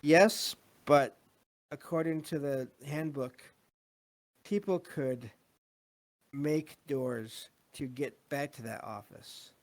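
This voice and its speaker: A man's voice: medium pitch, takes it slowly. A podcast host chatting loosely about a movie, with a lot of ums, restarts and asides to his live chat. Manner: rambling, many fillers, reads live chat. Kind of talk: casual movie review chat.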